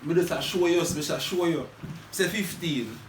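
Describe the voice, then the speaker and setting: A man's voice: a little high, moderate pace. A young man with a Jamaican accent chatting casually, telling stories animatedly in Patois and laughing often. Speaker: guest. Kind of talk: casual chat. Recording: roomy, distant mic, faint noise.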